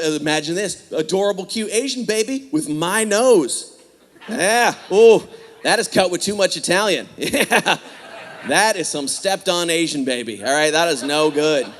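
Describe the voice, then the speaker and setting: A man performing a stand-up comedy set with a punchy, animated delivery, often slipping into character voices. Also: high voice, a little hiss or hum. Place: comedy stage before a laughing audience.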